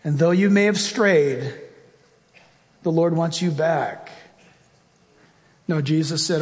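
A male pastor with a fairly high voice preaches emphatically, then rises into fervent prayer, taking his time and pausing often. Long hall reverb surrounds him, with faint music underneath.

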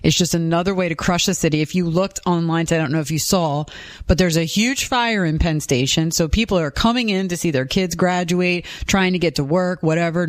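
A woman's voice: lowish voice, dry recording. A woman co-hosting a talk show, blunt and outspoken in casual banter. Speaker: co-host.

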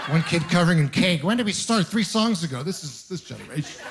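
Self-deprecating stand-up comedian, fairly high voice. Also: male voice, fast, background noise. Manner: self-deprecating storytelling, animated asides to the audience. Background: audience laughter.

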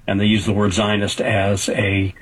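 A man in his fifties, a political journalist guest, giving measured analysis with hedges and restarts. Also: fairly low pitch, monotone, breathy edge, rough recording. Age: 50s. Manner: measured, hedging, frequent restarts.

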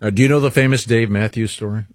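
A man's voice: fairly low pitch, quick pace, no echo, studio quality. A male radio host teasing his co-hosts in morning show banter. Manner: wry, teasing.

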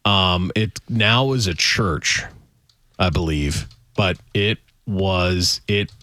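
A man's voice: deep voice, takes it slowly, pushed and bright, dry recording, clean studio sound. A man co-hosting a radio show, chatting casually and telling rambling stories.

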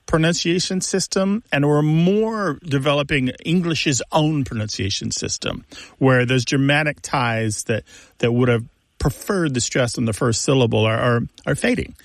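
A man with a gravelly, creaky voice co-hosts a radio call-in show. He explains things enthusiastically and at length in easy, chatty speech. The sound is close and dry, with no room around it. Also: mid-range voice, moderate pace, no echo. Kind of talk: casual explanatory chat.

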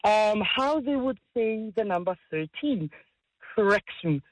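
A caller on a radio show, amused and quick to laugh. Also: medium pitch, lively intonation, no echo, low-quality recording. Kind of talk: phone-in comment.

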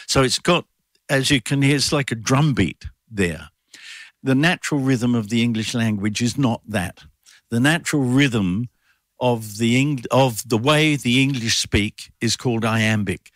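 A man's voice: fairly low pitch, unhurried, dry recording, clean studio sound. Thoughtful man rambling with fillers. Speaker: guest performer and adapter of a classic poem. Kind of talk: radio interview.

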